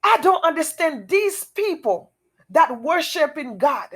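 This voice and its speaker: Slow, earnest higher-voiced woman. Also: big pitch swings. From outside America. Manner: halting, repetitive, earnest. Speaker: testimony speaker. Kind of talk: emotional personal testimony.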